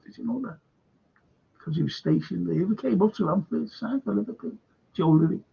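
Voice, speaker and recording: A man's voice: high-pitched, fairly quick, creaky, husky. An older man hosting a live stream, rambling through viewer comments in a casual chat and losing his train of thought. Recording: dull lo-fi stream audio.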